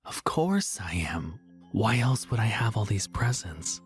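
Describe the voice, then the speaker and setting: A man voicing a starving, sly fake Santa's helper in a horror story, speaking hushed and wheedling. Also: on the low side, animated, a little slow, soft background music. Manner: hushed, wheedling, sometimes sing-song.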